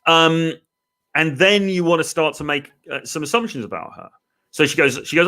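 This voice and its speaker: A man's voice: a little high, brisk, pushed and bright. An English man giving dating advice in a casual, chatty live stream, with lots of fillers. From England. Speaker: dating coach. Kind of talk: live-stream coaching talk.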